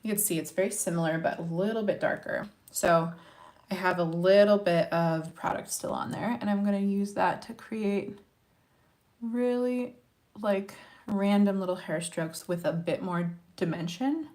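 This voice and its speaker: Speaking at a moderate pace in a darkish, mid-range voice, a young Montana makeup vlogger chats with her audience during a casual tutorial. She works as she talks and keeps her viewers encouraged.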